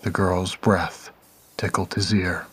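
A man narrating a dark story in a measured, somber reading. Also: low-pitched, level tone, slight background noise.

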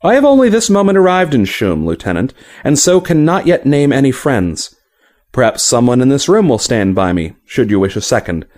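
A man's voice: medium pitch, very animated, a little mellow, lightly acted. A man voicing a courteous, formal knight. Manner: formal, measured and polite.

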